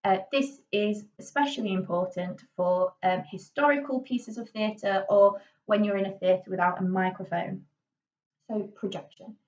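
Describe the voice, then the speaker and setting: A woman's voice: medium pitch, normal speed, a little mellow. Brief: young woman drama teacher, casual tutorial patter, recorded a little off-mic and dull. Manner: chatty, many fillers and "okay"s, gestural. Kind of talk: classroom tutorial. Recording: dull, slightly distant lo-fi recording.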